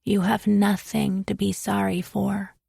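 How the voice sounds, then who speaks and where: Woman doing a fierce protective best friend, low gravelly voice, slow and icy. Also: flat delivery, dry recording, studio quality, exaggerated voice. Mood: soothing. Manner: firm, quiet and cold. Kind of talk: audiobook character voice.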